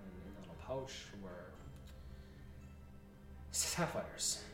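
A low-voiced man runs a tabletop game, rambling and restarting his phrases. He sounds off-mic in an echoey room. Music plays clearly underneath him. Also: lively intonation, slow pace, recorded from a distance. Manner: rambling, self-interrupting. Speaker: game master.

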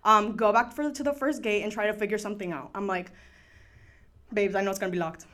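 The young student telling this story talks fast, her medium-pitched voice fairly even in intonation and a bit bright. She keeps it chatty and filler-heavy with lots of "like," occasionally dropping Spanish words.

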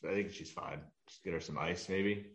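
A man co-hosting a casual podcast, easygoing and halting with lots of fillers. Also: sits low, vocal fry, muffled recording. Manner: easygoing, lots of likes and hesitations. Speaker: podcast co-host. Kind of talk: casual chat.

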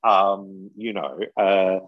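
A man, co-hosting a casual podcast and telling animated, jokey stories. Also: deep voice, very slow, dry recording, highs cut off. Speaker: podcast co-host, former cooking show contestant. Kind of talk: casual chat.

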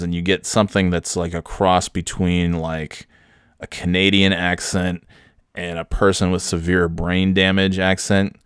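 Low-voiced joking man from New York. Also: no room sound, studio quality. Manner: rambling, joking, many fillers. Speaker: vlogger. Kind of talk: casual storytelling.

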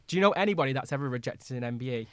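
A man chatting as a podcast co-host, speaking in an opinionated, animated way and laughing easily. His voice sits at a middling pitch. The recording is dry and close, with no room sound. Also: rapid-fire, clear, resonant tone, dry recording. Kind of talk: casual chat.

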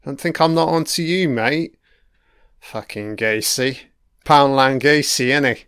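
A man's voice: medium pitch, unhurried, fairly bright tone, clean tone, no room sound, clean studio sound. A man giving a profane, mocking watch-along commentary on a TV episode, heckling the characters on screen. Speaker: film commentator.

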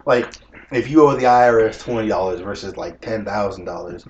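Low-voiced man joking around. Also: a little fast, darkish tone, dull audio, a little hiss or hum. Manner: joking, laughs often, jumps into mock voices. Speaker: podcast co-host. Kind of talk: casual chat.

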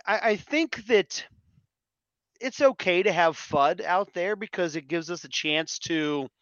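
Guy on a podcast, kinda high voice, dull lo-fi dry sound, gets worked up and repeats himself. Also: clear, resonant tone, no echo. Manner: animated storyteller, swears, repeats words. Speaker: podcast guest. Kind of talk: casual chat.

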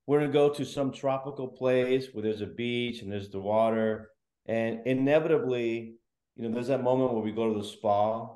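A man's voice: mid-range voice, darkish tone. A man doing stand-up comedy, telling self-deprecating stories. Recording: roomy echo.

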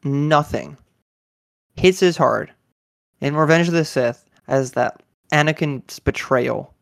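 A man in his twenties in a casual chat, talking earnestly and excitedly as a fan. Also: fairly high pitch, slow, vocal fry, dry recording, studio quality. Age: 20s.

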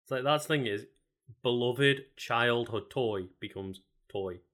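Bright-voiced man reacting in disbelief. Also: mid-range voice, a little slow. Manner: incredulous reactions, heavy swearing. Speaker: podcast co-host. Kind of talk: casual chat.

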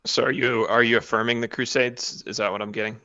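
A man's voice: medium pitch, flat delivery, fast talker, sharp tone, dry recording, dull audio. A man co-hosting a casual podcast, teasing and needling the others with questions. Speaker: podcast co-host. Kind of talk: casual comedic podcast chat.

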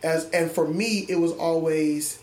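A man's voice: on the high side, steady tone, a little slow, a little mellow, slight background noise. A man, a middle school music teacher, talking earnestly and reflectively in an interview, often restarting his sentences. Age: adult. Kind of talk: interview conversation. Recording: echoey room with faint ambience.

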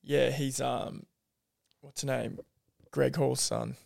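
A man's voice: medium pitch, steady tone, takes it slowly, vocal fry, a little mellow. An Australian man co-hosting a casual racing podcast, asking short questions and answering with hesitant fillers. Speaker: podcast co-host. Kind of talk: casual racing tips chat.

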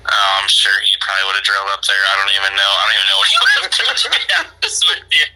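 A man's voice: low voice, big pitch swings, rapid-fire, bright, forceful tone, rough recording. A man chatting casually about sports as a guest, rambling and repeating himself with lots of fillers. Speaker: podcast guest.

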